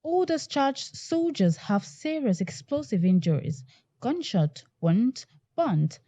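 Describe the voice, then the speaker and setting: Dark-voiced woman reading a news report. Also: on the high side, big pitch swings, no echo, dull audio. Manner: measured, formal delivery. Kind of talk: scripted news voice-over.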